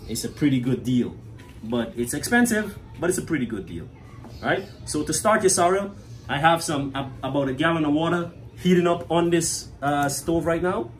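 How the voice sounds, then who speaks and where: A man's voice: a little high, expressive, moderate pace. A man with a Guyanese accent, chatting casually through a cooking demonstration as a cafe owner and often tagging his sentences with "right?".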